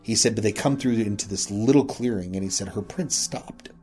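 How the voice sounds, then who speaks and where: A man's voice: fairly low pitch, fairly quick, a little mellow, soft background music. A man casually retelling a local ghost story he heard, rambling along with frequent "he said" and "you know" asides.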